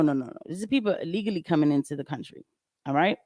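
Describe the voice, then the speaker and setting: Racing along in a low, darkish, expressive voice, a young woman of Haitian descent hosts a casual commentary livestream. She's blunt and sarcastic and laughs as she talks, and the recording is dry with clean studio sound.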